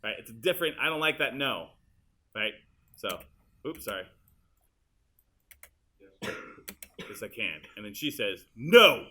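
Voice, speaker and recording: A male teacher walking students through an editing demonstration in a high school classroom, casual and chatty as he works. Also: expressive, fairly quick, sharp tone. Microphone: room mic, uneven audio quality.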